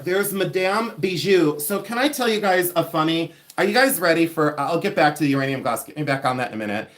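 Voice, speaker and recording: A man hosting a live jewelry sale stream, chatting in a gossipy, rambling way with frequent laughter and side stories. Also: on the high side. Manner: gossipy, animated, laughs often, rambling asides. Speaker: livestream host selling vintage jewelry. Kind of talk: chatty livestream monologue.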